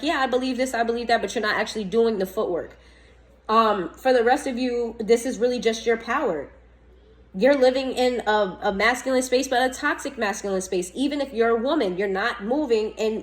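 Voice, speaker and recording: A tarot reader talks to camera in a casual, chatty, blunt style, scolding at times and laughing often. Her voice is fairly high and her speed normal. The recording is rough.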